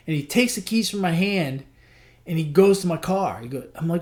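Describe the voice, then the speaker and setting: A male podcast host tells a long personal story in a loose, conversational monologue. His voice sits slightly high for a man. He keeps it animated and acts out the back-and-forth of the people in it. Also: a little fast. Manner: animated, acts out quoted dialogue; chatty, frequent "I'm like" and "he goes".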